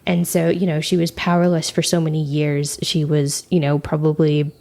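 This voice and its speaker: A woman co-hosting a podcast in easy, chatty talk, full of fillers and light laughter. Her voice sits low with a gravelly fry and a mellow, dark tone. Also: completely flat delivery, normal speed. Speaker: podcast co-host. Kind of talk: casual chat.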